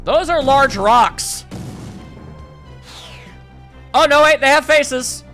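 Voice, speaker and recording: A man's voice: very high-pitched, drawn-out words, fairly bright tone. A man giving casual, wry commentary over a game while reading its dialogue aloud. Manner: wry, chatty, reads out the game's dialogue. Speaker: let's play commentator. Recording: faint game music behind the voice.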